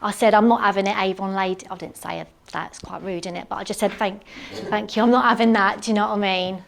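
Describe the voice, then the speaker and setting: A woman playing a chatty, cleaning-obsessed housewife in a live one-woman comedy monologue, gushing and excitable, full of rambling asides. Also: mid-range voice, fast, creaky, a little hiss or hum, natural voice. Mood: gushing chatter. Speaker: stage comedy performer. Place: theatre stage.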